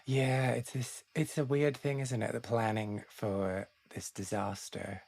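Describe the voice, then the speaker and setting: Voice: medium pitch, little pitch movement, unhurried, gravelly, a little mellow. A podcast host asking chatty, teasing follow-up questions in a casual interview.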